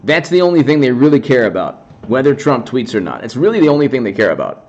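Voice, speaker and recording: A man's voice: medium pitch, very animated, fast talker, a little mellow, highs cut off. Rambling sarcastic male commentator. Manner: rambling, sarcastic, restarting often. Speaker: political commentator. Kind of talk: casual livestream commentary.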